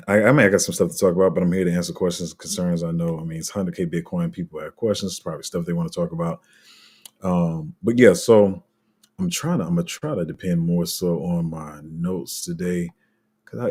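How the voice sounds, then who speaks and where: A man's voice: low voice, dark tone, husky. A man hosting a crypto channel, talking casually to viewers in a loose, rambling way with many fillers and restarts. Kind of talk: casual unscripted commentary to viewers.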